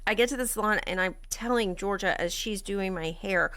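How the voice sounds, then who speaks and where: A woman with a Texan accent, a grief coach and podcast host telling a story in a blunt, profane, animated way. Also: medium pitch, moderate pace, clear, resonant tone. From Texas. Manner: animated, blunt and profane, laughs between lines. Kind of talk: candid storytelling monologue.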